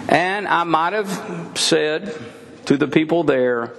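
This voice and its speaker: A man preaching a sermon, telling stories with lively acted-out dialogue. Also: fairly high pitch, slow pace, gravelly, a little hiss or hum. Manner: animated storytelling, acting out dialogue. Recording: long reverb in a large room.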